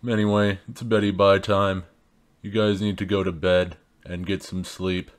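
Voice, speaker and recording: A man dubbing a comedic cartoon parody, delivering absurd lines in a deadpan, unhurried way. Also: deep voice, clean tone. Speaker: parody dub voice actor.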